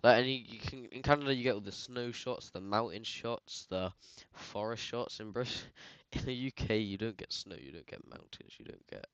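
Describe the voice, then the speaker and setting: A man's voice: fairly low pitch, moderate pace, hardly any pauses, a bit bright, smooth, no room sound. A man with a British accent chatting casually while editing photos, rambling and slangy, full of filler words. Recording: dull, dry lo-fi sound.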